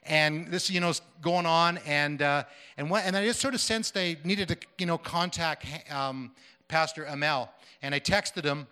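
A man's voice: a little high, moderate pace, bright, forceful tone, clear, resonant tone. A middle-aged man from Canada preaching, telling a story in a conversational way with many fillers and restarts. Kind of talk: sermon storytelling.

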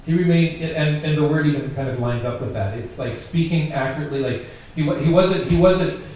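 A pastor preaches a sermon conversationally, repeating phrases for emphasis, in a somewhat high, darkish voice that moves a little fast. The distant mic picks him up in a very echoey room with faint noise.

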